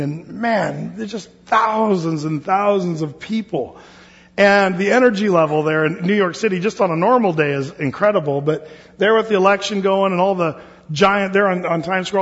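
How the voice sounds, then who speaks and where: A pastor from Oregon leading a Bible study in a church hall, talking casually with many fillers and restarts. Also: male voice, high-pitched. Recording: dull lo-fi sound with long hall reverb.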